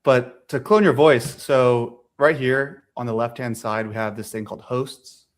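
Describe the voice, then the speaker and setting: A man appearing as an interview guest, calmly walking through a software demo step by step with easy fillers over a video call. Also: mid-range voice, unhurried. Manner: easygoing, explaining step by step with fillers. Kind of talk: product demonstration in an interview.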